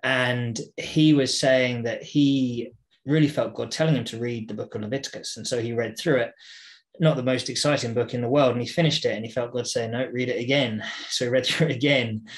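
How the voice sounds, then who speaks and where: A man's voice: medium pitch, a little fast. A British man co-hosting a casual podcast in a mid-range voice. He tells anecdotes with energy and voices the quotes inside them. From Britain. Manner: animated storyteller who acts out quotes. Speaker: podcast co-host. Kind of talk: casual podcast chat about Bible reading.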